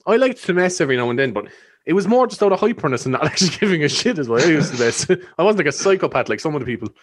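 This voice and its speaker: Fast, animated young Irish man. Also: fairly high pitch. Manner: excitable storyteller, swearing, laughing. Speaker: podcast host. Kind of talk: casual chat.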